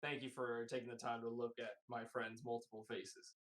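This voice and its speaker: A man's voice: medium pitch, level tone, normal speed, fairly bright tone, slight background noise, pitched below the performer's own voice, lightly acted. A man voicing a male adventurer who thanks a merchant in a mock-formal way. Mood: mock-polite.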